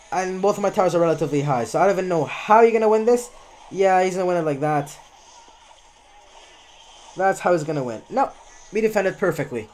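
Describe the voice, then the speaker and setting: A man with a high-pitched, darkish voice gives casual live commentary on his own gameplay. He's chatty, talks through each move, and often corrects himself.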